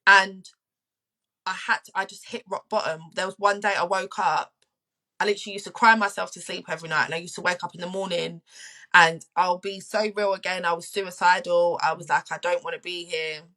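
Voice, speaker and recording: A woman's voice: on the low side, fairly even intonation, fairly quick, pushed and bright, rough recording. A woman in her twenties frankly sharing her personal struggles as a guest, often repeating phrases for emphasis. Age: 20s. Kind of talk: candid personal testimony.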